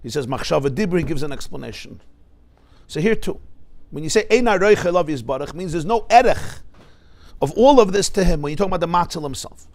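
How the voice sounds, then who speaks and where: Rabbi teaching a lively Torah class. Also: male voice, on the high side, fast. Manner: explanatory, lively teaching with Hebrew terms and questions to listeners. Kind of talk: Torah lecture.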